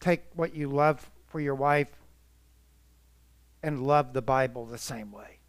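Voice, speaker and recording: Male pastor, emotional sermon delivery, loud and soft by turns, slows to stress words; smooth, dry. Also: medium pitch, no room sound. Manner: emotional, earnest, swells and drops in volume.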